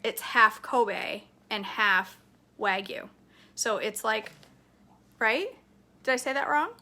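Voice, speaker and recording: A talkative woman in her forties walks through her shopping haul in a casual, rambling way. Her voice is bright and a little high. She laughs easily and drifts into side stories. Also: takes it slowly. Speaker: vlogger showing grocery haul. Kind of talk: casual chat.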